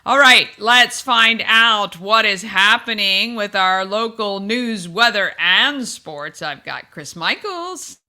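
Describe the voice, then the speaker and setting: A woman's voice: medium pitch, animated, slow, hardly any pauses, pushed and bright. A woman hosting a casual live local morning show, upbeat as she reads giveaways and chats with a guest. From Maryland, USA. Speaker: host.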